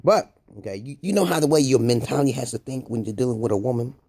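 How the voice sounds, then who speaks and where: A man in a profane, rambling video monologue, dropping to low mutters and then jumping to high exclamations. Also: quick pace, dark tone. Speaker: video blogger. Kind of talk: casual ranting monologue.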